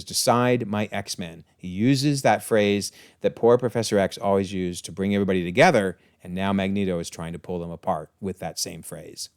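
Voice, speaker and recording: A TV episode reviewer gives a casual, enthusiastic breakdown, chatty and full of exclamations and chuckles. His voice is lowish with a darkish tone, recorded cleanly in a studio with no room sound.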